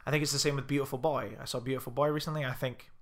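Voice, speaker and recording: A man's voice: mid-range voice, steady tone, racing, fairly bright tone. A man chatting casually about a film as a podcast co-host, laughing often. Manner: chatty, laughs often, slips into mock Scottish pub voices. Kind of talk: casual film review chat.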